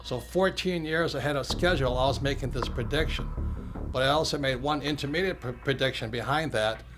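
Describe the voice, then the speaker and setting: A man's voice: mid-range voice, brisk. Plainspoken older man over music. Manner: plainspoken, conversational, peppered with "you know". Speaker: author and speaker. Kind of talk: talk with documentary narration.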